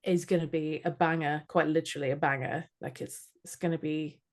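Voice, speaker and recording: Scottish-raised woman nearly forty, chatty and self-mocking, a bit low-pitched. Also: steady tone, brisk. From Scotland. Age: 30s. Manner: chatty, laughs at herself, swears casually. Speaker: podcast co-host. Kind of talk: casual chat.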